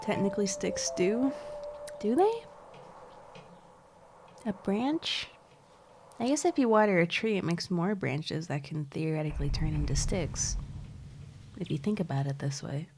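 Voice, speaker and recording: A woman's voice: on the low side, lively intonation, a little slow, pauses often, noisy background. Giggly young woman streamer rambling. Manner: rambling, giggly, swears casually. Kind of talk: casual gameplay chat. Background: game music.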